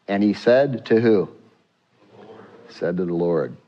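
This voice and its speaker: A man's voice: fairly low pitch, slow pace, long pauses, muffled recording. A man preaching a sermon, asking the congregation rhetorical questions and acting out scripture quotes with a rising voice. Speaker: pastor.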